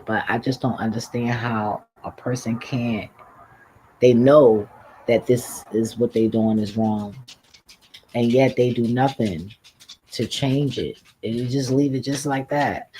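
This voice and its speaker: A woman streaming a casual, profane rant, animated and laughing often as she talks. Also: a bass voice, slight background noise, low-quality recording. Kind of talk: casual ranting monologue.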